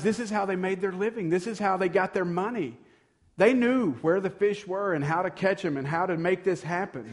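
Man preaching with animated storytelling. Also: on the high side. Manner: animated dramatic retelling, conversational asides. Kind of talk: sermon storytelling.

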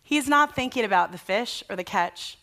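A woman's voice: medium pitch, expressive, normal speed, sharp tone. A woman pastor preaching a sermon in a casual, conversational way, acting out the people in the story with energy. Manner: conversational and enthusiastic, acts out quotes.

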